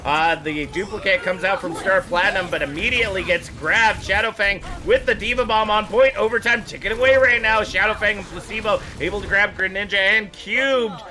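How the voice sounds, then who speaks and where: Bright, excitable male esports caster. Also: high voice. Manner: quick, excitable calls with frequent fillers. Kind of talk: live play-by-play commentary.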